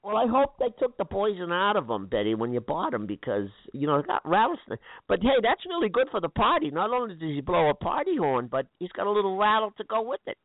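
A man playing an excitable, exasperated young male sidekick who stammers and gets flustered. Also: quick pace, hardly any pauses, no room sound, heavily acted. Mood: chummy. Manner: flustered, stammering, jumpy pitch. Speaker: co-host. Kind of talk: comedy sketch acting. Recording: tinny phone-like dry sound.

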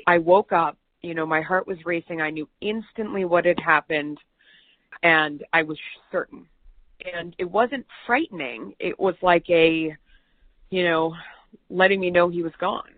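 A woman's voice: lowish voice, measured pace, no echo. Woman telling stories over a tinny line. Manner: chatty, self-deprecating anecdotes. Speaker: TV news host, interview guest. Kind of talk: conversational storytelling. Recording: tinny phone-like line, dry.

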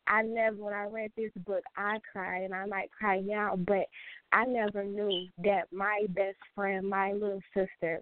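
A young woman talking as a guest, giving a heartfelt tribute to her best friend and repeating herself for emphasis. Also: mid-range voice. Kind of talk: emotional tribute in a talk show. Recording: tinny phone-line sound, dry.

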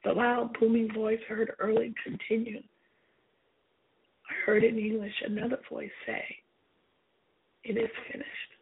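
Woman author reading her memoir aloud, high-pitched, earnest and emotional, phone-quality audio. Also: level tone, a little slow, gravelly, long pauses, slightly rough. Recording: tinny phone-like sound.

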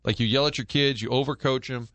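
In casual sports banter on the radio, a middle-aged host spins animated tales and cracks quick jokes in a relaxed, chatty rhythm. Recorded dry on a studio microphone in a radio studio, his average-pitched voice sounds close, with no surrounding room noise.

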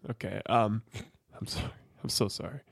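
A man's voice: lowish voice, steady tone, normal speed, vocal fry, husky, no room sound, studio quality. A man co-hosting a casual podcast, rambling and cursing, with lots of restarts and fillers. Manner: rambling and profane, full of restarts and "like". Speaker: podcast co-host. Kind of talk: casual chat.

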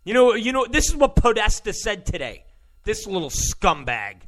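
A man's voice: high voice, very animated, normal speed, a bit bright. A man hosting ranting political commentary, sarcastic and mocking, who mimics opponents in exaggerated voices.

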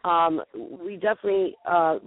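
A woman's voice: lowish voice, steady tone, normal speed. A woman with a Boston accent hosting a call-in interview, chatty and teasing. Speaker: radio show host. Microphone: phone. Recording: tinny phone line.

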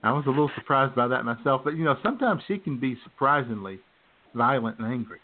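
A man's voice: medium pitch, animated, quick pace. A man hosting a casual talk radio show, firing off upbeat quiz questions and laughing easily. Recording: tinny phone-like sound.

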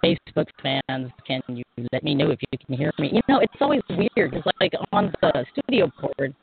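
A man hosts a loose live stream, talking to himself as he fiddles with the sound. His voice is gravelly and swings widely in pitch. It comes through tinny and phone-like, with a faint hiss behind it. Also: expressive, normal speed. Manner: fiddly, laughing, thinking aloud while fixing audio. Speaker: radio show host. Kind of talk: casual live-stream chat.

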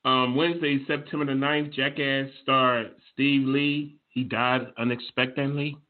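A man's voice: medium pitch, level tone, measured pace. A man hosting a radio show, chiming in with brief upbeat remarks in a casual way. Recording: lo-fi phone line.

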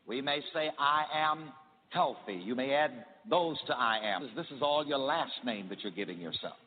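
A man's voice: mid-range voice, lively intonation, moderate pace. A man preaching a sermon with emphasis, leading his congregation to repeat phrases after him. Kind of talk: sermon with call-and-response. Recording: tinny echoey hall recording with faint hiss.

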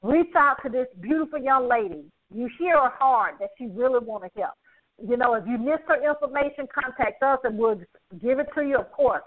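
A woman's voice: sits high, fairly quick. A woman hosting a podcast, effusive and emotional, laughing often as she signs off the show. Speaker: podcast host. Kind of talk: animated show sign-off. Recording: phone-like narrow sound.

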